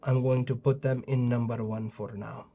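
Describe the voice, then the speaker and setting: A man's voice: medium pitch, flat delivery, normal speed, vocal fry, warm tone, dull audio. A middle-aged man hosting a kids' show, judging their videos with playful teasing and mock-scolding. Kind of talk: casual chat.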